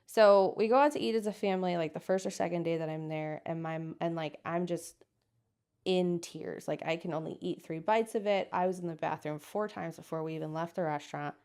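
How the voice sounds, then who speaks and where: A woman's voice: lowish voice, a little fast, clean tone. A woman in her thirties from the United States, telling a personal story as an interview guest and acting out the people she quotes. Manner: lively storyteller, acts out quoted voices.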